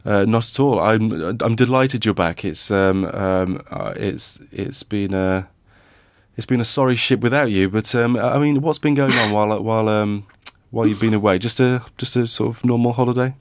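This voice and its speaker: A man with a low voice, recorded very dry and close, hosting a podcast in casual chat. He stumbles through restarts and teases his co-host in a dry, understated way. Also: moderate pace, no room sound. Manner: hesitant, dry teasing.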